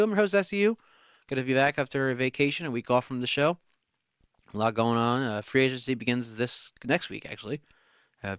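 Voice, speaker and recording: A man's voice: medium pitch, a bit bright, smooth, no echo, studio quality. A young man hosting his own sports talk show, giving blunt, opinionated takes in a ranting manner. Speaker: host.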